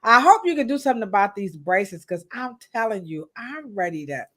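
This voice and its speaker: Very animated and fairly quick, a thirty-something woman with a medium-pitched voice runs a casual livestream podcast. She chats playfully and greets people in the chat.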